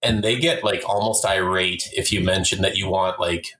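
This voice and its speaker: A man from Canada with a low, deep voice talks in a relaxed, conversational way. He is blunt and opinionated. The sound is roomy, with noticeable echo. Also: normal speed. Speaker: podcast guest, hunter and wildlife photographer. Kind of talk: casual conversation.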